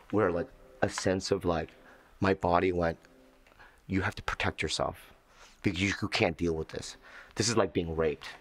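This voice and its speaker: A man comedian in a documentary interview, earnest and halting, repeating words as he searches for them. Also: low-pitched.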